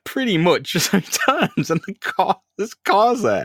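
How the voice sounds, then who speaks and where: A man's voice: high voice, sing-song, unhurried, hardly any pauses, fairly bright tone, slightly rough, no room sound, clean studio sound. A young man hosting a podcast, retelling a comic in casual chat, laughing often and acting out the characters. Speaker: podcast co-host.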